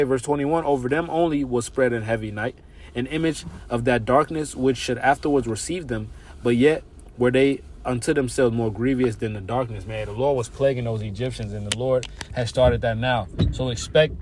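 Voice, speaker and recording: A man's voice: mid-range voice, a little mellow. Man preaching casually over scripture reading. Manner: loose slangy preaching, reads verses haltingly, laughs and gets fired up. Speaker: religious teacher.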